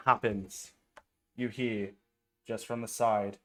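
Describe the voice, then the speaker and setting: A man with an Australian accent narrating a tabletop game as game master in a relaxed, rambling way, often laughing. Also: medium pitch, unhurried.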